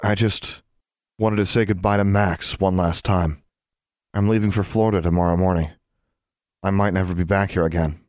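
A man's voice: low voice, steady tone, moderate pace, darkish tone, no echo, clean studio sound, close to an everyday voice. A man voicing a grieving teenage boy who talks in a casual, teasing way. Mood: wry.

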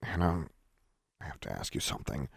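A man voicing a furious teenage witch girl in an audiobook reading, with sharp, indignant outbursts. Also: a bass voice, very animated, brisk, gravelly, slightly rough, no echo, studio quality, voice pushed down, heavily acted. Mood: tense.

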